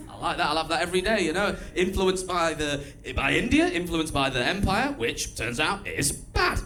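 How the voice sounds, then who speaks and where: Male stand-up, Stoke-on-Trent accent, high voice, chatty and wry, live club recording with clear hiss. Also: big pitch swings, normal speed. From England. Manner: chatty and wry, with bursts of loud mimicry. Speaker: stand-up comedian. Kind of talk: stand-up comedy set. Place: comedy club stage before a live audience.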